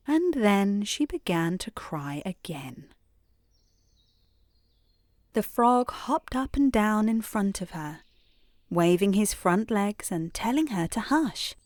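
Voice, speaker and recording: Female storyteller reading a sleep story, slow and soothing, pitch moving gently, close dry sound. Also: animated, dry recording. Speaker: host and storyteller.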